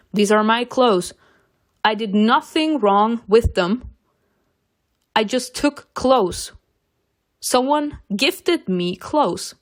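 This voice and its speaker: A young woman giving casual, sassy commentary while playing a story game, with emphatic protests that jump up in pitch.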